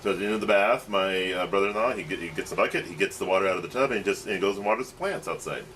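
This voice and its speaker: A man's voice: low-pitched, rapid-fire, fairly bright tone, slight background noise. A man co-hosting a casual chat over drinks, talking in an easygoing, hesitant way with many fillers. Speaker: co-host.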